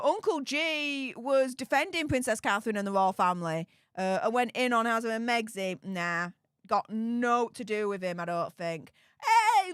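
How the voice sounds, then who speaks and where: A woman, reading and reacting to live chat, chatty and exclamatory, quick to laugh. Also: a little high, fairly bright tone, smooth, no room sound, clean studio sound. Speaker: livestream commentator.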